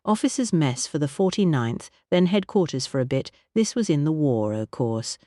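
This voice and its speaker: A woman's voice: low voice, lively intonation, moderate pace, dark tone, no echo, studio quality. A woman voicing a short, rotund working-class army cook who drops his aitches and talks in slang. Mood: chatty. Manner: dropped aitches, slangy, sheepish.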